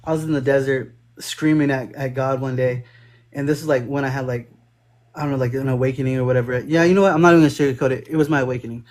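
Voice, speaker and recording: A man, a guest in a casual spiritual conversation, who tells animated stories full of "like" and slang. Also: medium pitch, fast talker. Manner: animated storytelling with lots of "like" and laughs.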